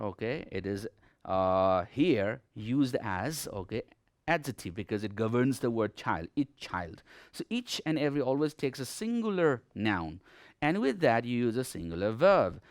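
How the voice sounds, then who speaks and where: A man's voice: medium pitch, no echo, clean studio sound. A man teaching a grammar lesson in Nepali-accented English, explaining step by step and often saying "okay" as he stresses key words.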